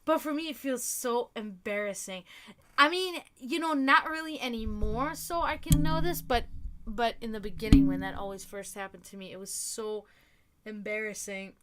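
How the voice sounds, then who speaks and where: A woman's voice: on the high side, normal speed, crowd noise. A woman from Germany hosting a livestream in a casual, rambling chat, often restarting her sentences. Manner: chatty and rambling, with frequent restarts. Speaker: livestream host.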